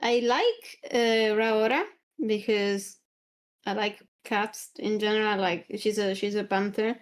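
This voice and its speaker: A woman's voice: mid-range voice, fairly even intonation, slow. A woman chatting casually on a stream, hesitant and full of fillers. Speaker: stream guest. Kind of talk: casual chat.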